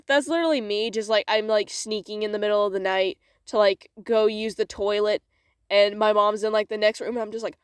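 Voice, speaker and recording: A woman's voice: medium pitch, expressive, a little fast, no room sound, clean studio sound. A young woman reading fan fiction aloud and joking about it, sarcastic and swearing, from inside a small closet. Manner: sarcastic, swears, laughs at herself. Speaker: fanfic reader vlogger. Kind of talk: casual reading aloud with commentary.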